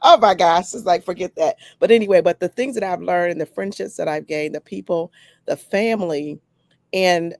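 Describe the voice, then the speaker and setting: A woman's voice: fairly low pitch, a little mellow, no room sound. A woman giving a chatty personal testimony on a video call, laughing often and repeating herself. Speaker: guest on a live company update.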